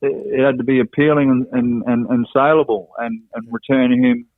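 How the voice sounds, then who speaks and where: A man's voice: medium pitch, little pitch movement, moderate pace. A man, a podcast guest talking in a rambling casual way, padding his sentences with "you know" and "and that". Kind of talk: casual chat. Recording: phone-like narrow line, dry.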